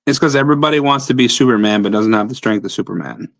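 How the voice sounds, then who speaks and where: A man's voice: medium pitch, quick pace, gravelly, no echo. A man, a pro wrestler guest, telling a blunt, profane story in casual talk.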